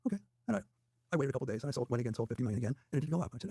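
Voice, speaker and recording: Man, interview guest, rapid anecdotes, quoted dialogue, husky voice, very fast. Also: mid-range voice, lively intonation, darkish tone, dry recording, studio quality. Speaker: guest trader. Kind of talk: interview storytelling.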